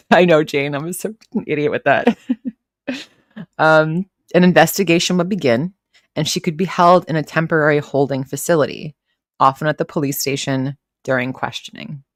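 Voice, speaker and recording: A woman with a low voice chats casually on her live stream, rambling between posts and greeting viewers by name. Her voice is recorded close and dry, with no room sound around it. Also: normal speed, no echo. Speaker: livestream host reacting to commentary.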